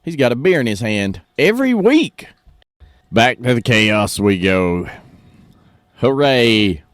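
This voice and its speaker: A folksy man with a drawl hosts a morning radio show, his pitch swinging up and down with lively energy. He speaks close and dry in a studio, opinionated and chatty. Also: a little slow, no echo. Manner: folksy, animated, opinionated, says "y'all".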